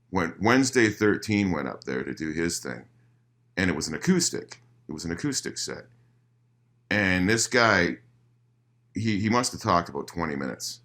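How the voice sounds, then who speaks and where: A man guest in a casual interview, telling a long story with lots of swearing, restarts and laughter, recorded in a living room. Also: low voice. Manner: profane, animated storyteller with many restarts. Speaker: musician guest.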